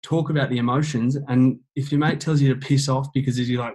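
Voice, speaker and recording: A man's voice: medium pitch, little pitch movement, fairly quick, dark tone, rough recording. A man, speaking earnestly as a guest about men opening up, often repeating phrases as he explains. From Australia. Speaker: guest on men's mental health. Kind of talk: casual conversational interview.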